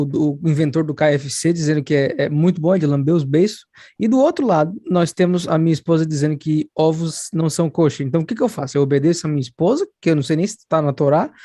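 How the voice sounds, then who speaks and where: A Brazilian man with a Brazilian Portuguese accent interprets live at a rapid clip. His voice is dark and mellow, and the sound is dry and close. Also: a little high, no room sound. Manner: rapid, relaying others' words.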